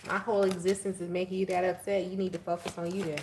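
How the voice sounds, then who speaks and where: A woman doing a casual live tarot reading, chatty and animated, laughing as she talks to viewers. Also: fairly low pitch, quick pace, background noise. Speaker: tarot reader.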